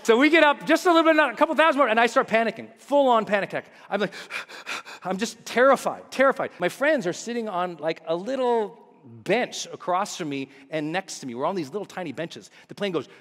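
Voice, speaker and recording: A man's voice: high-pitched, fast. A man giving a motivational keynote, telling a story with energy and acting out voices and screams. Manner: animated, acts out voices and screams. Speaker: motivational speaker. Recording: live hall reverb, faint noise.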